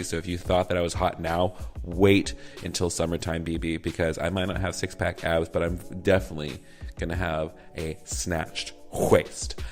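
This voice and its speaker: A man with a Southern US accent hosting a podcast, chatting casually with playful, campy asides. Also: deep voice. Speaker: podcast host. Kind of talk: casual podcast chat and outro.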